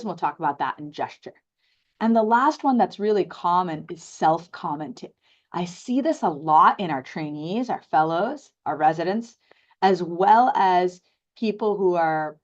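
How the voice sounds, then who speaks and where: A woman physician leads a live lecture on public speaking, coaching in a lively, direct way with quick asides to the room. Her voice sits a little low for a woman. The audio is dull and lo-fi. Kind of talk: live lecture to an in-person and online audience.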